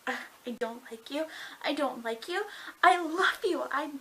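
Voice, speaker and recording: A woman voicing an emotional teenage boy who speaks in a halting, heartfelt way. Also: high-pitched, lively intonation, fairly bright tone, exaggerated voice, poor audio. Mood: pleading.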